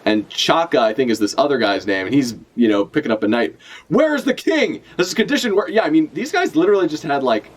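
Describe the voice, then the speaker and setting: A man giving casual live reaction commentary as a streamer, animated and profane, laughing often as he talks. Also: medium pitch. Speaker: streamer reacting to a manga chapter.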